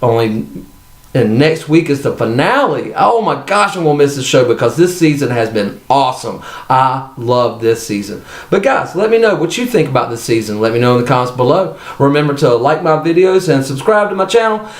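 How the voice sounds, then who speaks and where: A man's voice: medium pitch, animated, a little fast, echoey room. A man hosting his own TV review channel, talking in a casual, rambling and enthusiastic way with frequent restarts.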